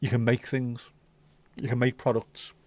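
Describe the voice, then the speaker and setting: Speaking at a moderate pace in a medium-pitched, level, darkish voice, a man from Liverpool hosts a casual livestream chat. His Scouse accent comes through as he rambles and swears freely.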